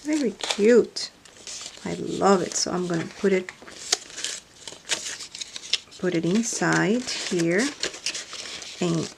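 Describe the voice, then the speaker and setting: A woman chatting casually while unboxing mail, gushing and exclaiming over each item and often dropping to a soft near-whisper, indoors at night. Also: lowish voice, gravelly, background noise. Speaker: craft vlogger unboxing mail.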